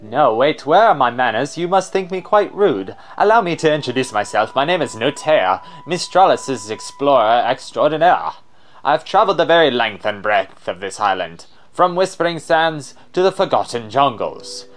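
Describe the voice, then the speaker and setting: A man's voice: mid-range voice, big pitch swings, normal speed, faint music behind, voice pushed up, natural voice. A man voicing a pompous, long-winded male explorer with a posh British accent and a theatrical manner. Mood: grandiose. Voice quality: theatrical, grandiose. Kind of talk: let's play voice-over.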